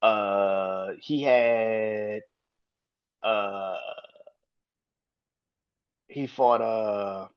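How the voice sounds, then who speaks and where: A man hosting a casual solo podcast, talking in an excitable, profane way, laughing and getting loud when worked up. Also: lowish voice, very slow, pauses often, clear, resonant tone, muffled recording. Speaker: podcast host.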